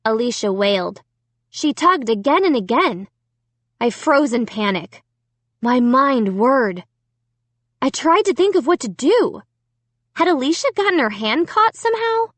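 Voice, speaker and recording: A woman reading a storybook aloud in an expressive first-person narration. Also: high-pitched, a little slow, pauses often, no room sound. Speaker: audiobook reader.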